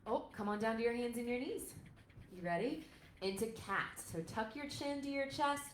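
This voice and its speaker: In an echoey room with faint background noise, a woman in her thirties leads a parent-and-child stretch class as a yoga instructor. Her voice is fairly high and expressive, moving at a normal speed as she offers upbeat, encouraging cues.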